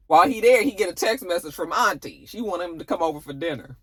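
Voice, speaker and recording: A woman's voice: fast, hardly any pauses, breathy edge, no room sound. A woman casually recapping a TV episode, cursing and acting out the characters' lines. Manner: animated, profane, acts out characters' lines with big pitch jumps. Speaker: TV review vlogger.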